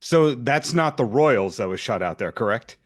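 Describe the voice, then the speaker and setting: A man hosting a podcast interview, asking long, measured questions in a conversational way. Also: medium pitch, lively intonation. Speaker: podcast host.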